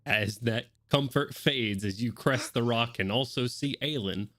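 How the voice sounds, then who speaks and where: A man narrating a tabletop roleplaying game as game master, in measured, descriptive narration. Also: mid-range voice, fairly bright tone.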